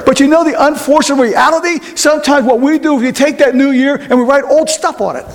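A man preaching a sermon to a congregation, repeating key phrases and questioning the audience in a slow, emphatic delivery. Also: very high-pitched. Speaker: pastor. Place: church sanctuary. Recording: long hall reverb.

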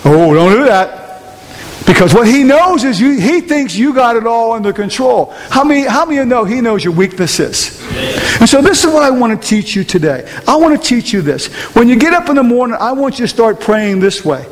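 A man's voice: very high-pitched, big pitch swings, brisk. A man preaching a sermon to a congregation, emphatic and repeating rhetorical questions. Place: large room with an audience. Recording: long hall reverb, faint hiss.

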